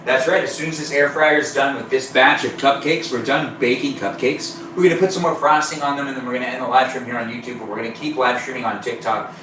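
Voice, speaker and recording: A man's voice: medium pitch, sharp tone, recorded from a distance, a little hiss or hum. A playful, rambling man chats with his viewers while baking on a live stream. His voice sits a little back from the mic in a roomy kitchen, with faint ambience underneath. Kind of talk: casual live-stream chat, reading chat aloud.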